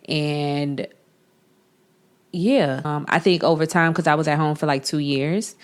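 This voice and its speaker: A woman in her thirties with a low voice hosts a podcast and tells her own story. She talks in a candid, casual way. She grows animated when she acts out what others said. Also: a little slow, long pauses. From Chicago. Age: 30s. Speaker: podcast host.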